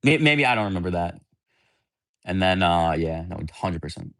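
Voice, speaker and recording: A man hosting a live stream, answering viewer questions in loose, candid chat. His voice sits fairly low, and he talks bluntly and rambles from point to point. The sound is close and dry, with almost no room around it. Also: lively intonation, normal speed, fairly bright tone, no room sound. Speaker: livestream host.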